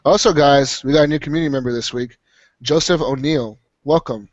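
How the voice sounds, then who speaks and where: A man's voice: mid-range voice, a little fast, no echo, muffled recording. A man hosting a casual gaming podcast, swearing freely and laughing often. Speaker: podcast host.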